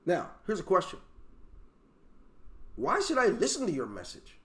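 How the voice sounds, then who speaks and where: Brief: high-pitched male team leader, emphatic motivational speaker on a video call, fires off rhetorical questions. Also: wildly swooping pitch, measured pace, a bit bright. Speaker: network marketing team leader.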